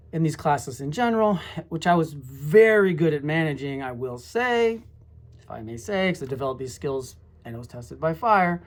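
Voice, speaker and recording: A middle-aged former high school teacher telling classroom stories in a rambling, reflective way, full of asides. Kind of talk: casual storytelling monologue.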